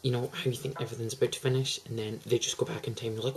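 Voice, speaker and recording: A man's voice: medium pitch, flat delivery, rapid-fire, breathy edge, rough recording. A teenage boy, chatting to camera in a hyper, gushing, rambling way. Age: teens. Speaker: vlogger. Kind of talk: casual chat to camera.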